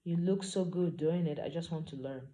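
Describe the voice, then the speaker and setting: A woman voicing a gentle, mysterious young man who talks quietly, earnestly and formally. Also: sits low, moderate pace, close to an everyday voice.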